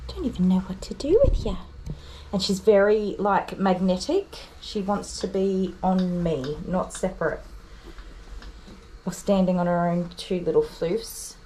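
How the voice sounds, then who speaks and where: A woman's voice: fairly low pitch, steady tone, measured pace, mellow, slight background noise. A woman dog groomer chatting on a live stream from her grooming salon, cooing over a tiny dog and sometimes dropping to a whisper.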